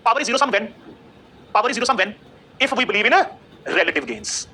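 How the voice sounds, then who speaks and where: A man's voice: high voice, sing-song, fast, bright, forceful tone, slight background noise. A man lecturing a class, quizzing the students with rhetorical questions.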